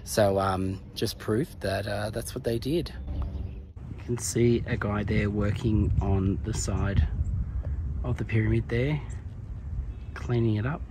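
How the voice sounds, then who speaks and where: A man's voice: fairly low pitch, steady tone, slow, pauses often, background noise. A man narrating a casual travel vlog outdoors at a pyramid site, chatty and laughing often, out of breath from the climb. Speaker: travel vlogger.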